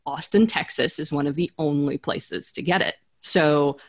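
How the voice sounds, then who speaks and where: Low-voiced woman guest on a podcast, chatty, upbeat, laughs a lot. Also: normal speed. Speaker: podcast guest, business strategist. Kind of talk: casual interview chat.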